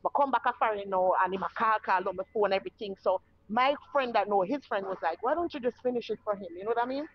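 In casual conversation, a guest with a Jamaican accent and a fairly high-pitched voice recounts her own story, performing the voices of the people in it. The recording sounds lo-fi.

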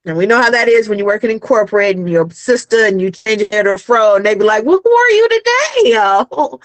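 Animated Caribbean-accented woman telling stories. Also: medium pitch, fast talker, no echo, poor audio. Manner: animated, acts out quoted dialogue. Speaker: guest. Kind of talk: casual storytelling chat. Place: Los Angeles.

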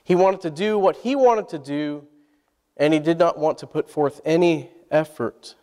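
High-voiced pastor preaching. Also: male voice, normal speed, warm tone. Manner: call-and-response preaching, asks the congregation questions. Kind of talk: sermon. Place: church sanctuary. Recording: long church hall reverb.

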